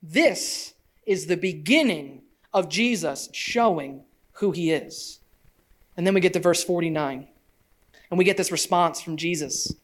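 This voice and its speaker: A woman teaching a conversational Bible lesson as a parent, animated and lively, acting out the people she quotes. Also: lowish voice, unhurried. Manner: parent speaking from family life.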